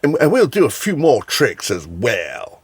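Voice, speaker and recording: A man's voice: mid-range voice, huge pitch swings, measured pace, husky, no echo, pitched above the performer's own voice, full character voice. A man doing a folksy howdy-saying guy. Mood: upbeat. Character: folksy greeting male character.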